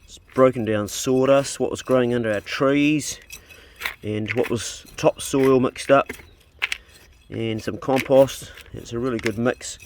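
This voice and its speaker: Kiwi guy rambling on a phone vlog outside, relaxed, faint background noise. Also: medium pitch, unhurried. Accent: New Zealand. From New Zealand. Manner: chatty, easygoing, talks to animals. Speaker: vlogger. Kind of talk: casual farm vlog. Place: outdoors on a farm.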